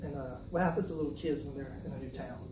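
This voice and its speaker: Talking fast in a mid-range voice, a South Carolina author tells personal stories about his writing. He keeps it casual and conversational, tossing in joking asides. It was recorded indoors at an event venue, and the audio is roomy, noisy and distant-miked.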